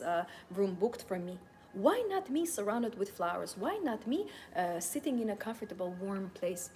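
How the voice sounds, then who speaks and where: On a motivational livestream, a femininity and wealth coach addresses her viewers head-on, coaching them with forceful, repeated declarations of their rights. Her voice sits fairly high, and there's a bit of background noise.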